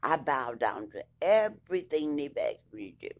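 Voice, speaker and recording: A woman's voice: sits low, big pitch swings, normal speed. A woman telling her own court story in a blunt, indignant way, swearing freely and reading papers aloud. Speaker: vlogger recounting her court case. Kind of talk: emphatic personal account, reading documents aloud.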